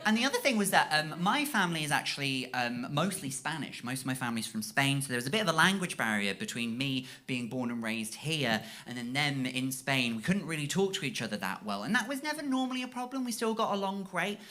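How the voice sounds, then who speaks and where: A Cornish stand-up comedian, a man from Cornwall, England, chats on a comedy stage in a self-mocking way and keeps checking in with the crowd. His voice is a little high and sing-song, brisk with few pauses. It's a live show, and the audience laughs loudly.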